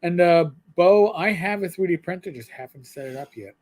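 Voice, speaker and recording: A man's voice: high-pitched, expressive, moderate pace, a little mellow. A middle-aged man co-hosting a live show, chatting casually in a rambling way, full of stammered restarts. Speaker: co-host.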